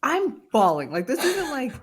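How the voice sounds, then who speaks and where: With a high, breathy voice at a normal speed, a woman co-hosts a podcast and tells a story in casual chat. She's animated throughout and acts out the quotes.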